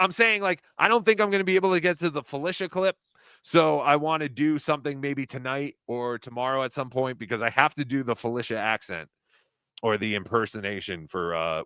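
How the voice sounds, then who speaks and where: Bright-voiced man hosting a live stream. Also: medium pitch, dry recording, studio quality. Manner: rambling, animated, swears freely. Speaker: host. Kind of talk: casual live-stream chat, reading tips.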